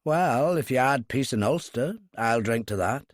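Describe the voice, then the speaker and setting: A sardonic Irish tough, cheeky and cutting, his lines bouncing lively in pitch, as a male narrator reads him. The sound is close and dry. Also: unhurried, dry recording, natural voice.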